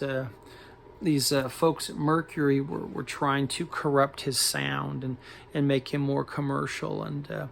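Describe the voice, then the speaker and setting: A man with a gravelly, creaky voice chats unhurriedly about his record finds. He hesitates a lot, filling gaps with ums and uhs, and perks up over odd discoveries. His pitch sits in an ordinary middle range. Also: a bit bright, a little hiss or hum. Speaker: record collector showing a haul. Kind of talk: casual record haul video.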